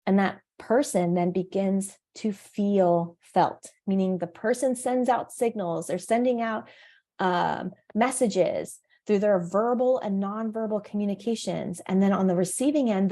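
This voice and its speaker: A woman parent coach hosting a podcast, explaining ideas in a reflective way, laughing at her own examples and acting out short dialogues in a higher voice. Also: unhurried, dark tone. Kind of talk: solo podcast teaching.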